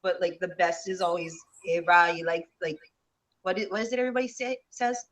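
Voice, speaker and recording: A woman from Hawaii, a guest author chatting in an animated, self-deprecating way. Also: fairly low pitch, quick pace, recorded from a distance. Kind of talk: casual interview chat.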